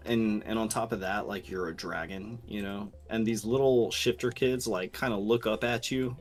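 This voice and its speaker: A man's voice: on the low side, steady tone, moderate pace, hardly any pauses. A young man narrating as game master in a tabletop game, casual, swearing, with many fillers and restarts, faint music behind.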